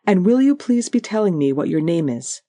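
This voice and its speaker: Proud old Highland widow, Scottish Highland accent, rich and powerful, stately lilting delivery, as an audiobook narrator puts her on; dry close recording. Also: very animated, moderate pace, warm tone, no echo, close to an everyday voice. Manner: stately, lilting, repeats "oh yes".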